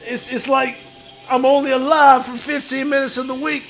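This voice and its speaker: A man playing a crude, boastful washed-up pro wrestler who talks about himself in the third person and shouts his lines. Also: extremely high pitch, flat delivery, normal speed, soft background music, full character voice. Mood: swaggering bravado. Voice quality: gravelly, shouty bravado. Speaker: streamer in character. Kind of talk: improvised comedy stream.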